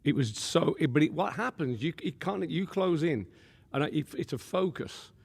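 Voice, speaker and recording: Gravelly male pastor guest, a bit higher pitch, lively storyteller who laughs and acts out quotes, reverberant room. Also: normal speed. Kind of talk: animated storytelling.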